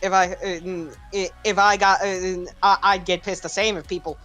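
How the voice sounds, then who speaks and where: Player, mid-pitched voice, halting in-character talk with casual swearing, faint music behind. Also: level tone, sharp tone. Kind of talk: in-character tabletop roleplay chat.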